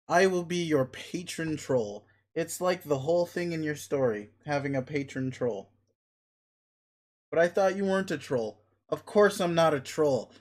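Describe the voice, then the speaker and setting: A man reads a webcomic aloud in a slightly high voice, playing an arrogant, crude young male alien. The character talks in a pushy, sneering, blunt way.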